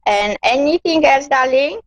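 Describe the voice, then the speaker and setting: Gentle, slow woman doing a psychic reading. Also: high voice, animated, no echo, highs cut off. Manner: non-native English, gentle and coaxing, calls the viewer darling and keeps asking okay. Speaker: psychic card reader hosting a live stream. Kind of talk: live-stream spiritual reading.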